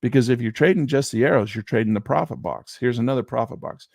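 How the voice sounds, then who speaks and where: A man's voice: mid-range voice, fast, creaky, a little mellow, no echo, studio quality. A man teaching chart trading on a screen share, talking emphatically with rhetorical asides. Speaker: trading instructor.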